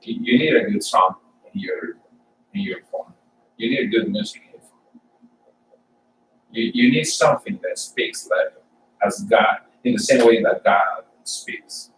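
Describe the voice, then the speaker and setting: Slow-speaking man. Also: on the low side, echoey room, far from the mic, rough recording. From Colombia. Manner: halting, repeats words, plain storytelling. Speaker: church speaker. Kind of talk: informal sermon testimony.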